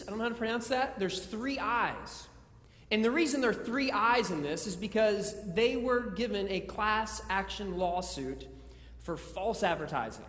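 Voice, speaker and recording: A man's voice: high voice, a bit bright. A man preaching a conversational sermon in a church, mixing jokes with scripture and often stumbling and repeating words. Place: church sanctuary. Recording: echoey church hall.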